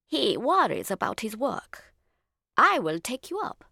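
A woman's voice: fairly high pitch, very animated, unhurried, vocal fry, sharp tone, no room sound, studio quality, pitched above the performer's own voice, full character voice. A woman reading aloud and voicing a cultured foreign landlady who speaks politely and urges her guests to eat. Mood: calm. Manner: cultured, urging hospitality. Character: foreign landlady in apron, cultured, hospitable, insistent.

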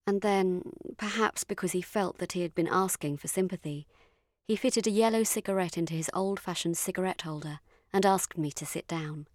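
A woman narrating a story in the first person, measured and dryly witty. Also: on the low side, darkish tone, dry recording, clean studio sound.

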